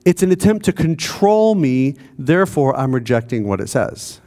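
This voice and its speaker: A pastor preaching a sermon in a conversational way, asking the congregation rhetorical questions. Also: male voice, fairly high pitch, very animated, moderate pace, warm tone. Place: church.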